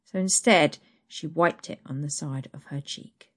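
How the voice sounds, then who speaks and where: A woman storyteller reading an adult story aloud in a slow, intimate way. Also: low-pitched.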